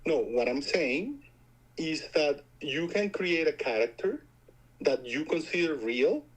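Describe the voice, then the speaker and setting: Accented male caller, slightly high voice, stumbles and repeats himself in a debate. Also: expressive, slow, breathy edge, rough recording. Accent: foreign accent. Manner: stammering, repeats words, joking. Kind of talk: live-stream debate.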